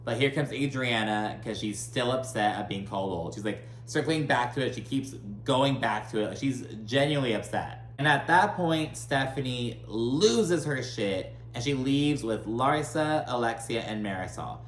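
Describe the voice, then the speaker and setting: A man's voice: mid-range voice, animated, normal speed, few pauses. Brief: man, sarcastic and gossipy recap host, echoey room with a faint hum. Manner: gossipy, sarcastic, swears a lot, many "like" fillers. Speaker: recap commentator. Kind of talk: casual reality TV recap.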